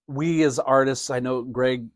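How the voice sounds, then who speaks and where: A chatty man hosting a live podcast, with a voice of middle pitch. He talks casually, laughs often and slips into playful mock announcements. The sound is dry and close, with little room around it. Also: fairly even intonation, unhurried, no room sound. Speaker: podcast host. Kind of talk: casual live-stream talk.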